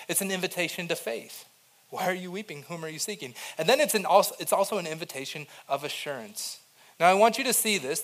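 Young guy pastor preaching, kinda high voice, goes from soft and quiet to punchy and loud, chatty sermon vibe. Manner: conversational preaching with shifts between soft and emphatic delivery.

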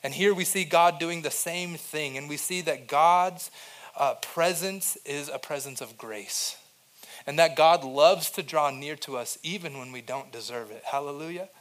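This young adult pastor speaks a little slowly in a slightly high voice, preaching conversationally. His sermon alternates between soft, hushed moments and more forceful, louder emphasis.

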